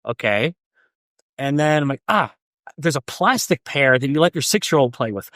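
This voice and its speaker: Halting young man telling his story. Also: medium pitch, lively intonation, a bit bright, no echo, clean studio sound. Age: young adult. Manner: halting, repeats words, many ums. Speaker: guest. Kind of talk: casual interview storytelling.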